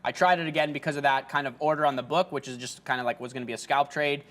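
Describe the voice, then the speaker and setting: On a live studio stream about day trading, a male co-host speaks rapid-fire in a steady, mid-range, slightly bright voice. He rambles through casual market talk, his sentences trailing off in fillers.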